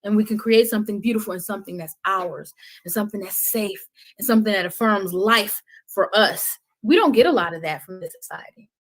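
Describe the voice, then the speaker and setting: A woman speaking as a podcast guest, impassioned, with a preaching cadence that swings between loud and hushed. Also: medium pitch, fairly quick, poor audio. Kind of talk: passionate podcast talk.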